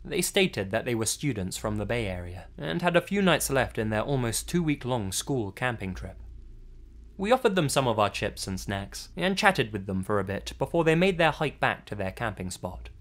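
A man reading a scary story aloud in a subdued, measured way, as scripted horror narration. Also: medium pitch. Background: faint music.

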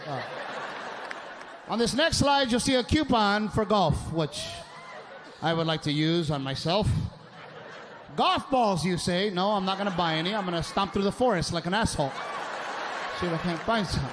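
A man performing live stand-up comedy, ranting in an exasperated way with loud shouted bursts. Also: on the high side. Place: stage at a live show. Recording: live show with loud background noise.

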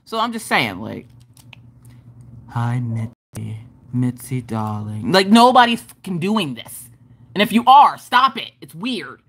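Bright-voiced woman hosting a livestream. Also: mid-range voice, sing-song, moderate pace, husky. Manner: rambling, joking, laughing, profane. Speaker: livestream host. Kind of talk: casual livestream chat.

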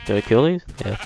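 A young man giving casual, chatty gameplay commentary as a Let's Play gamer, self-mocking and prone to excited outbursts. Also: mid-range voice.

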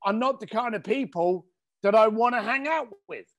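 Man from East London, high voice, blunt, emphatic, guest storyteller, middle-aged. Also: moderate pace. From East London, England. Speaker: guest entrepreneur and author. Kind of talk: casual interview storytelling.

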